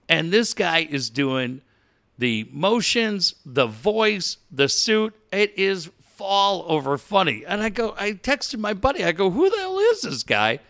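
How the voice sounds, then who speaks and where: A middle-aged man co-hosting a radio talk show, telling animated stories and swearing casually. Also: a little high. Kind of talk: casual chat.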